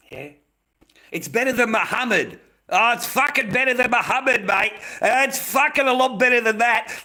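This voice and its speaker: A man's voice: on the high side, gravelly, sharp tone, breathy edge. An Australian man with an Australian accent, ranting aggressively and profanely at his live-stream chat.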